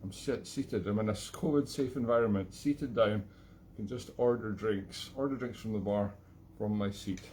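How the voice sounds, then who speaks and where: Chatty Scottish man with a low voice. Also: normal speed, hardly any pauses, mellow, a little hiss or hum. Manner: rambling, self-mocking and jokey. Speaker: accordion player hosting a live online gig. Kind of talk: casual chat between tunes. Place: at home in his flat.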